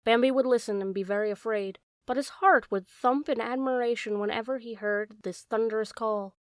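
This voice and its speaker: A woman narrating a classic storybook audiobook in a calm, measured way. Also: on the high side, no echo, clean studio sound.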